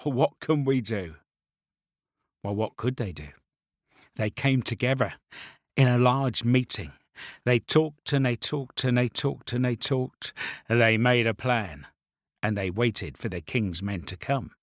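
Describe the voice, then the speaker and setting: A man's voice: mid-range voice, a little slow, dry recording, clean studio sound. Playful man telling kids a story. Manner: playful, talks straight to young listeners. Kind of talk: children's storytelling.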